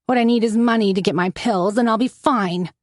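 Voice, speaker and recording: A woman's voice: fairly high pitch, fairly quick, darkish tone, no room sound, clean studio sound, close to an everyday voice. A woman voicing a desperate addicted sister who pleads, then turns bitter, in an audiobook. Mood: pleading. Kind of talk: audiobook narration.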